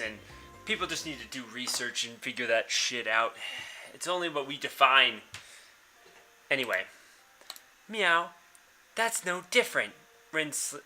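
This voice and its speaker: A man's voice: mid-range voice, bright, forceful tone. A young man hosting a let's-play, reading a visual novel aloud and commenting in a casual, blunt way, swearing freely.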